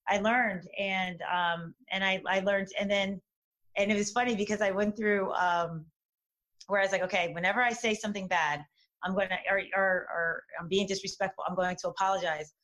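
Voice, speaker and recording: A woman's voice: medium pitch, normal speed. Candid, talkative woman in casual chat. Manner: candid, animated, many restarts and fillers. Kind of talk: casual conversation.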